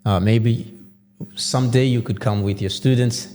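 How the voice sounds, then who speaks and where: A man's voice: medium pitch, steady tone, normal speed, a little mellow. A man hosting an interview show, asking questions in a casual way and often repeating his words. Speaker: show host. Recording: long room reverb, faint hum.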